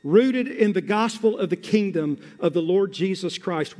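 A man preaching a sermon as pastor, drawing out key words and repeating phrases, swelling from hushed, slow passages to loud, rising exhortation. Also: sits high. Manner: emphatic, drawn-out words and repetition. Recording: long hall reverb.

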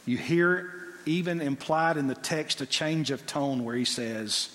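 A male preacher with a bright, high voice delivers an emphatic sermon at an unhurried pace. He leans on rhetorical questions aimed at the congregation, and a long hall reverb trails his words. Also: a little hiss or hum.

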